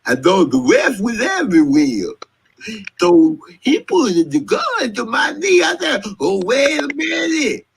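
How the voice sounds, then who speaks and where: An actor playing a goofy, giggling young male college basketball player, drawling slowly and laughing between phrases. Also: extremely high pitch, wildly swooping pitch, creaky, husky, full character voice, poor audio. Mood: excited. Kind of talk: TV drama scene.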